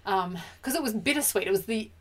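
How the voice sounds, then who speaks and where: Woman, casual podcast chat, emotional, mid pitch. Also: expressive, fairly quick, a bit bright. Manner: chatty, emotional, restarts often. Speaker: podcast co-host. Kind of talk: casual pop culture chat.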